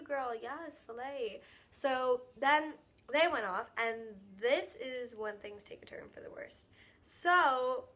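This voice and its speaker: A young woman telling a story to camera in a casual vlog, rushing through it with lots of "like". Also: a little high, fairly bright tone. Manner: rapid, filler-heavy retelling with lots of "like". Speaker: vlogger.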